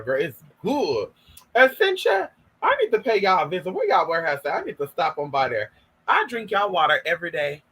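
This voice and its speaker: Sassy high-voiced man, lively and husky. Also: poor audio. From Northern California. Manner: sassy, profane, gossipy, addresses viewers as girl and y'all. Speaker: vlogger. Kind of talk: casual storytelling monologue.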